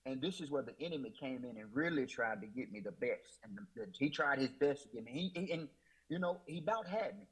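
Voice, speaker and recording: In poor audio, a man with an expressive, brisk, medium-pitched voice that's a bit bright and breathy gives his personal faith testimony as a guest. His emotional, repetitive storytelling in Southern US Black church speech keeps returning to "I said."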